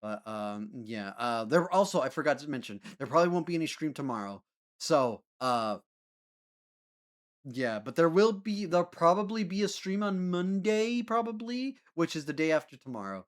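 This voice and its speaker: A man's voice: on the high side, sing-song, normal speed. A man chatting casually with his live-stream audience, rambling with lots of fillers and frequent laughter. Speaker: livestreamer.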